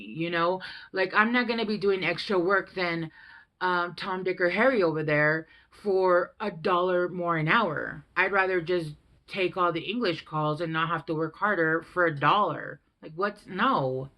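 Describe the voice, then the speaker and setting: Young woman, tarot reader, slightly low voice, loose and chatty, curses freely. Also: sharp tone. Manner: rambling and chatty, swears freely. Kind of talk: casual tarot reading.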